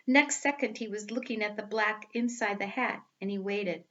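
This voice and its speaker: A woman reading a storybook aloud with careful, expressive delivery. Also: mid-range voice, normal speed, highs cut off, a little hiss or hum.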